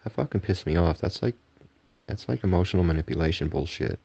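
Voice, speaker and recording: A man with a very deep, dark, gravelly voice rants in a voice message, swearing and angry yet comforting. His voice is raspy and dry, with dull, lo-fi sound. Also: lively intonation, fast, no echo. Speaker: partner sending a video message. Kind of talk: casual recorded voice message.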